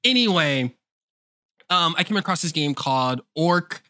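A man co-hosting a podcast in casual chat, animated, laughing often and swearing freely. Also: on the high side, unhurried, no echo, clean studio sound. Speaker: podcast co-host.

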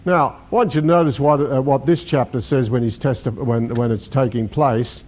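A man's voice: medium pitch, moderate pace, a little mellow. An older man preaching a sermon, emphatic, repeating key words and acting out the scripture he quotes. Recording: dull lo-fi recording.

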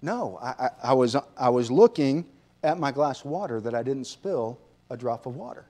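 A man's voice: medium pitch, expressive, normal speed, dark tone, pitched below the performer's own voice, lightly acted. A man voicing a fed-up churchgoing woman who lists her complaints in an exasperated way. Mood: plain.

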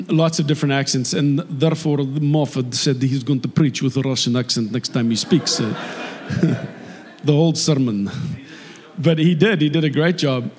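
A man preaching a sermon in a chatty, jokey, animated way. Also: medium pitch, normal speed. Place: church hall. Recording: echoey hall with long reverb.

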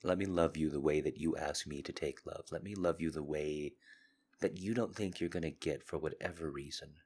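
Hoarse and clearly ill, this male podcast host delivers a confessional, intimate monologue in a rumbling low voice at normal speed. Earnest and seductive, he alternates loud pleas with quiet murmurs.

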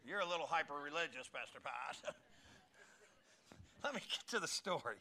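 A man preaching a sermon, telling a funny personal story with lively swings between loud bursts and quiet asides. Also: a little high, a little slow. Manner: animated, jokey, swings between shouting and muttering asides. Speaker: pastor.

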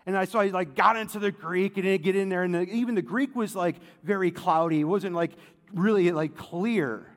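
Man, pastor, high-pitched, casual animated sermon, long hall reverb. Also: normal speed. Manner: casual, animated preaching with many fillers.

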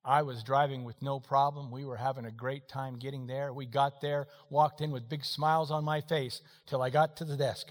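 A man preaching a sermon, telling a story in an animated way and swinging between quiet and loud passages. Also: medium pitch, normal speed, few pauses, in a large hall. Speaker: pastor.

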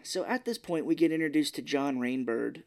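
A man co-hosting a podcast, casually recapping a movie in an animated way. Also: on the high side, moderate pace, creaky. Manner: animated retelling with acted-out quotes. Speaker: podcast co-host.

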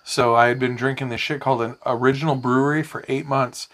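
Talking fast in a medium pitch, this podcast co-host spins a long, meandering story in casual conversation. His anecdotes are animated and peppered with profanity.

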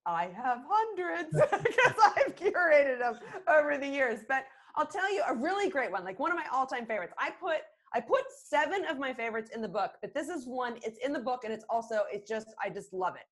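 A middle-aged woman talking as a communication expert on a podcast, animated and expressive, acting out the phrases she quotes. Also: sits high, a little fast, few pauses. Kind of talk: conversational podcast interview.

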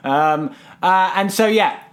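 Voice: medium pitch, slow pace. A podcast co-host, casually recapping a musical, swearing and laughing as they retell scenes. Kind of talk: casual chat reviewing a musical.

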